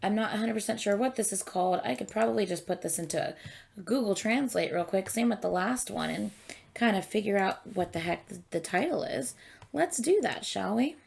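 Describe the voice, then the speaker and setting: A woman's voice: mid-range voice, lively intonation, a little fast, gravelly, a little mellow. A woman hosting a reaction video, chatting casually to her viewers in a rambling way, full of ums and likes. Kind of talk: casual chat to camera.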